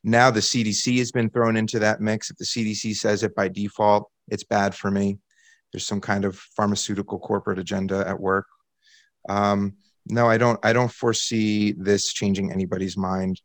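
A man's voice: on the low side, little pitch movement, normal speed, no room sound. A man co-hosting a casual podcast, thinking aloud with frequent restarts and repeated words. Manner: hesitant, restarts and repeats while working out a point.

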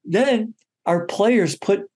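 A man, a basketball coach, telling a story as a guest in an interview, lively and often putting questions to the listener. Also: high voice, very slow, slightly rough. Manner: animated storyteller who poses questions to the listener.

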